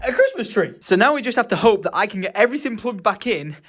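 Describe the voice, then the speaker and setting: A man, chatting excitedly to camera while working outdoors in his garden. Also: high voice, fast talker, no echo, clean studio sound. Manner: excitable, animated. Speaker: vlogger. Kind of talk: casual vlog narration.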